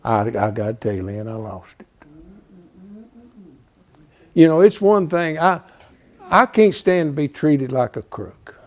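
A man's voice: medium pitch, a little slow, pauses often. A man in his seventies preaching, telling a folksy story with rising animation. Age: 70s. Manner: folksy, animated, builds to loud. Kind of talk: storytelling sermon.

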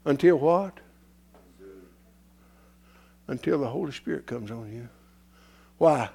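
A man preaching a sermon in a folksy, repetitive way, swinging from hushed whispers to shouts as his voice gives out. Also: medium pitch, lively intonation, takes it slowly, vocal fry. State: losing his voice.

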